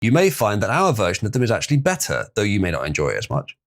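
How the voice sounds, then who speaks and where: A man's voice: fairly low pitch, huge pitch swings, fast. A man hosting a live stream, chatting casually and reading viewer comments, rambling and opinionated with frequent ums. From Britain.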